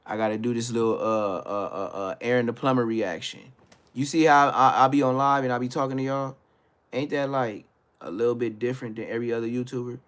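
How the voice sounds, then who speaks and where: A man hosting his own live stream, talking in a casual, blunt and profane rant that rambles, trails off and restarts, swinging between low mutters and loud outbursts. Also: smooth.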